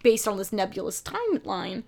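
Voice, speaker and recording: A woman co-hosting a casual TV recap podcast, animated and filler-heavy, acting out quotes from the show. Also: mid-range voice, moderate pace, creaky. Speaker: podcast co-host. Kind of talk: casual chat.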